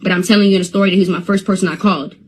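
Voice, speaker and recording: A woman's voice: fairly low pitch, fairly even intonation, very fast, slight background noise. A woman telling a story to her viewers on a phone livestream, repeating and stumbling over words as she goes. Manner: stutters and repeats words when upset. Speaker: Instagram live streamer.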